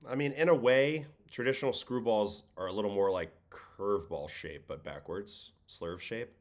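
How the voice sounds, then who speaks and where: This livestream host, a former pitcher from Brooklyn, sounds tired and carries a faint New York-Boston accent. His voice is on the low side at a moderate pace, and he keeps things relaxed, reading chat questions aloud and responding conversationally.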